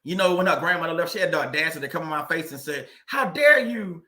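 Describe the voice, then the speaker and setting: A man hosting a casual livestream, telling a personal story and reading viewer comments, animated and laughing often, repeating words for emphasis. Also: a little high, rapid-fire.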